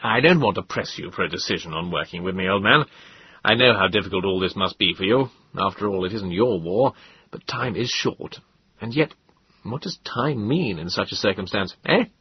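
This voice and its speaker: A man voicing an earnest, persuasive middle-aged male government official in an audiobook, lecturing in a husky voice. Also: deep voice, expressive, normal speed, heavily acted. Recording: dull lo-fi dry audiobook.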